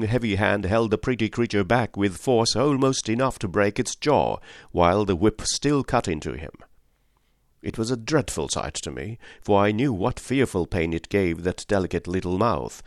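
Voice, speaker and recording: A man reads a classic novel aloud with a deep, low voice and a calm, measured pace. The sound is dry and close, with no room echo at all. His delivery is steady and plain. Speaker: audiobook narrator. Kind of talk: scripted narration.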